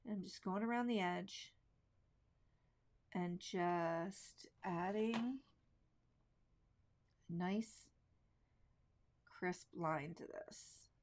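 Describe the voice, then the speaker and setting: A woman teaching card making in a live craft demonstration, chatting loosely and thinking aloud as she works. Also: fairly low pitch. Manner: relaxed, chatty, thinks aloud while working; slow, drawn-out phrasing.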